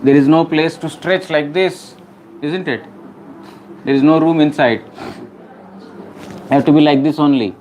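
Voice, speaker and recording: A man's voice: a little high, unhurried, pauses often, dull audio, slight background noise. A man giving a devotional lecture, acting out scenes and singing verses between explanations. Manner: animated, acts out scenes. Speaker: preacher.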